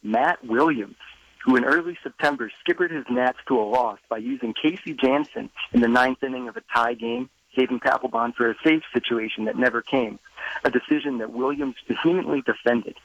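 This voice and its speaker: Man, caller, gravelly fry in the voice, dry close sound, sarcastic read. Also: medium pitch, lively intonation, a little fast, fairly bright tone, no room sound, low-quality recording. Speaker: radio caller. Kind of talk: reading a prepared rant.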